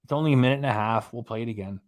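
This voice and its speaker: A man's voice: medium pitch, racing, dry recording, clean studio sound. A man hosting a livestream commentary, sarcastic and scornful, rambling as he reads comments. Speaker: commentary channel host.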